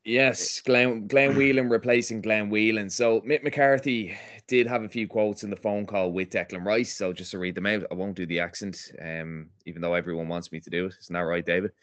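A man's voice: lowish voice, fairly even intonation, moderate pace, few pauses, fairly bright tone, dry recording. An Irish man hosting a podcast, leading the casual discussion and pressing his points. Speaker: podcast host.

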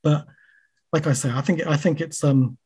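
Writer guest, male, slightly raised husky voice, hesitant and self-effacing. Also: a little high, fairly even intonation, dark tone. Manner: halting, frequent fillers and restarts; self-deprecating. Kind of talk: casual interview talk.

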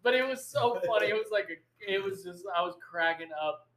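A man tells a story in a casual podcast chat, animated and rambling. His voice sits a bit high and sounds bright and forceful. The room around him is echoey. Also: fairly quick. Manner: animated, rambling storyteller who acts out quotes. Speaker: podcast host.

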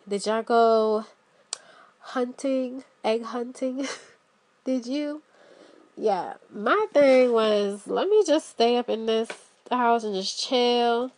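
A woman hosting a podcast solo, chatting playfully and telling stories straight to her listeners. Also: fairly high pitch. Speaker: podcast host. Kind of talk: casual solo podcast chat.

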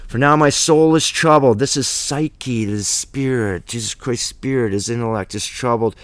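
Man, mid-pitch, blunt emphatic Bible teacher, dry close room; slangy, plainspoken. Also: moderate pace, hardly any pauses, fairly bright tone, dry recording. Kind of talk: casual Bible study teaching.

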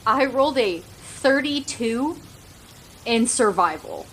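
A woman playing a tabletop game with friends, talking quickly and bluntly and swearing casually. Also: a little high, expressive, a bit bright, slight background noise, poor audio. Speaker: player.

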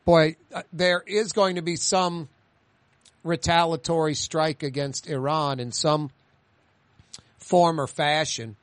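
A man hosts a radio talk show in a dry, close studio sound. His voice sits a little high, and he wanders through anecdotes in an easy, chatty way. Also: steady tone, takes it slowly, no room sound. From New Orleans.

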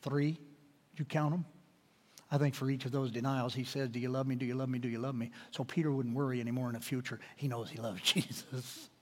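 A man preaching a sermon, animated and swinging from loud declarations to hushed, intimate pleas. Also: medium pitch, fast talker, few pauses, big-room sound. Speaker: pastor.

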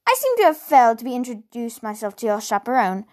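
A woman's voice: fairly high pitch, big pitch swings, fast, a little mellow. A woman reading the lines of a mild, bookish male tutor in a storybook, formal and stiff.

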